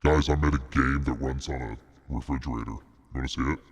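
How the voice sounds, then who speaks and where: A man's voice: steady tone, fast talker, breathy edge, in a large hall. A man doing a mocking impression of a male game developer through a voice changer filter. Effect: voice changer filter, very low pitch.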